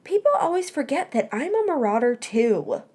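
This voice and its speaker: A woman's voice: sits high, very animated, normal speed, darkish tone, voice pushed up. A woman voicing a teenage boy wizard who is wry and teasing, with a dry, joking, mock self-pitying manner.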